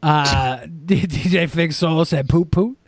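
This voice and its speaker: A man's voice: a little high, slow, dry recording. A man co-hosting a livestream podcast, reading donation messages aloud with offhand jokes. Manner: offhand, joking. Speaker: podcast co-host.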